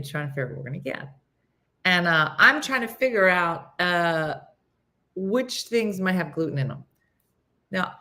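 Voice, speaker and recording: A middle-aged woman hosting a morning show, telling a comic story in a casual, animated way and acting out her friends' lines. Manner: animated, acts out friends' lines in higher voices, laughs a lot.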